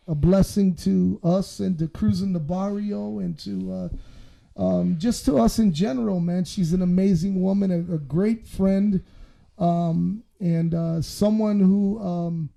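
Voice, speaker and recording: A man's voice: high-pitched, steady tone, a little slow, creaky, mellow. A man co-hosting a casual podcast, blunt and profane, telling stories with lots of animation. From Southwest Detroit. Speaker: podcast co-host.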